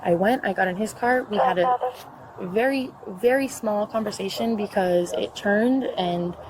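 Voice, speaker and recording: A woman's voice: medium pitch, a little slow, a little mellow. A woman giving police a heated, profane account of a quarrel, acting out both sides, outdoors in a front yard. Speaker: complainant. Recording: noisy outdoor body-camera audio.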